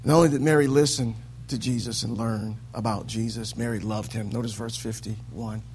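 A man preaching a sermon in a church, swinging from hushed lines to loud, sing-song peaks. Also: fairly low pitch, fairly even intonation, moderate pace, few pauses, a little hiss or hum.

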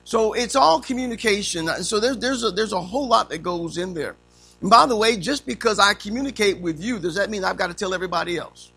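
A preacher in his fifties delivering a lively sermon, acting out little scenes and landing jokes. His voice is high, bright and forceful, with a gravelly rasp. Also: a little fast. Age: 50s. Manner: animated storytelling, acting out quotes; humorous.

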